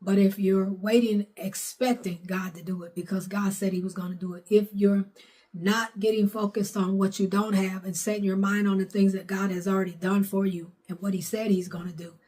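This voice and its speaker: A woman's voice: medium pitch, level tone, moderate pace, a little mellow. Lady preaching hard, says things over and over, plain middle voice. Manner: fervent, repetitive preaching with dropped grammar. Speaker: prophetess preaching. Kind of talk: sermon.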